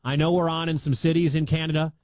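A man from the Midwestern US hosting sports talk radio, talking in an animated, conversational and emphatic way. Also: a little high, fast, dry recording.

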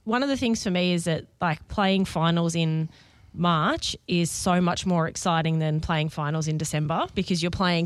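A woman's voice: on the low side, no room sound. A woman co-hosting a casual sports chat, engaged and a little teasing. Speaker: podcast co-host.

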